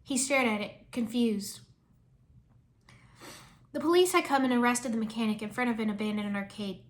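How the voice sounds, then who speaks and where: A woman reading a fan fiction story aloud in a lively storytelling manner. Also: a little high, moderate pace.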